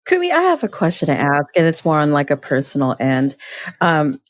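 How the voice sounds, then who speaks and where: A woman's voice: low-pitched, huge pitch swings, brisk, dry recording, clean studio sound. A woman interviewing a guest in casual chat, asking hesitant questions with fillers.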